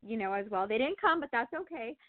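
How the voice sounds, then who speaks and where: A woman chats through a personal story in an animated way. She laughs often and uses many fillers. Her voice comes over a thin, phone-like line with a dry sound. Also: fairly high pitch, fairly quick, no echo. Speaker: guest sharing testimony. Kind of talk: casual testimony chat.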